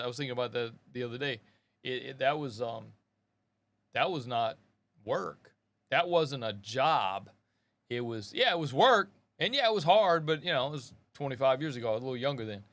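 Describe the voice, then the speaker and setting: A man's voice: medium pitch, fairly bright tone. Slangy rambling man hosting a live show. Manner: rambling, slangy, says bro and man a lot. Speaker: podcast host. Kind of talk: casual live-stream chat.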